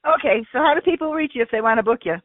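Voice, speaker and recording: High-voiced upbeat male interviewer. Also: expressive, no echo. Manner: upbeat, quick questions, laughs along. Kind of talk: casual interview. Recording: tinny phone-line sound.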